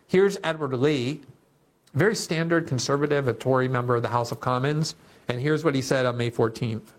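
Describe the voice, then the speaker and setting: A man's voice: medium pitch, normal speed. A male political commentator who talks through news clips and quotes in an opinionated way. He reads statements aloud, then cuts in with sarcastic, indignant asides.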